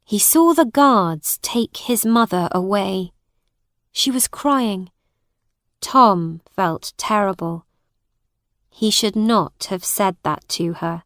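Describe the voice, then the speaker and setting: A woman narrating an audiobook for English learners, reading slowly and clearly with deliberate, expressive delivery. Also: mid-range voice, dry recording, clean studio sound.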